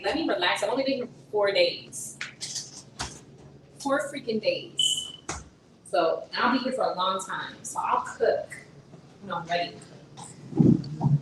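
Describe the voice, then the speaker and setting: A woman streaming from her phone on a gimbal, reading chat and firing back with lively emphasis. She sits a bit away from the mic in an echoey room. Steady noise hums behind her. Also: medium pitch, normal speed, pauses often, far from the mic. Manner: animated, emphatic, talks back to commenters. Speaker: vlogger answering live chat. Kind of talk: casual live-stream chat. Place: indoor room on vacation.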